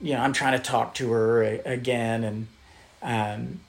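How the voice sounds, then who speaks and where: A middle-aged man who works as a pastor, chatting casually as he tells a story. He acts out the voices of the people in it and laughs often, and his voice sits at an ordinary middle pitch for a man. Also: steady tone, a little slow, gravelly.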